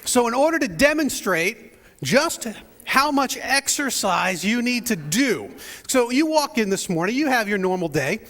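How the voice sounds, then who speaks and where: A man's voice: very high voice, sing-song, measured pace, fairly bright tone, long reverb tail. A male pastor opening a sermon in a church, joking and chatting straight to the people in the pews. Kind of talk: playful sermon opening with audience interaction. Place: church sanctuary.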